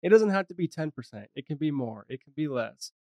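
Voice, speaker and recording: Calm, agreeable male co-host. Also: fairly high pitch, a little fast, no room sound. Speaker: financial advisor and co-host. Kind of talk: conversational podcast discussion.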